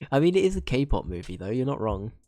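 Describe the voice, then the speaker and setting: A man's voice: medium pitch, dark tone, no room sound. A young man streaming a game and chatting with viewers, rambling and self-mocking, often restarting his sentences. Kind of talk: casual chat while playing and reading chat.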